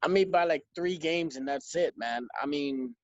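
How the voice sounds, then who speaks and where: Relaxed man on a dull call line. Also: on the high side, normal speed, no room sound. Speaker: podcast co-host. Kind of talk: casual chat.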